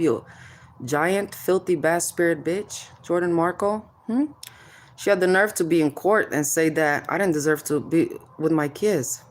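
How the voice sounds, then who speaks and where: A mother speaking straight to the camera, confronting officials head-on, prodding with questions and calling people "baby" as she warns them of spiritual payback. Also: on the low side. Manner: confrontational, addresses officials directly, keeps prodding "hmm?"; calls listeners "baby", spiritual warnings. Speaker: mother speaking out about child services. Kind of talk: direct-to-camera vent.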